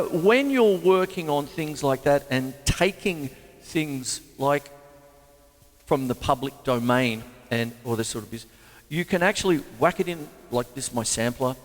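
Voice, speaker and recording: Sounding as if he's in a large hall, this Australian man has a slightly high, somewhat bright voice. He hosts a chatty, rambling livestream drum lesson from his home studio and laughs at his own jokes.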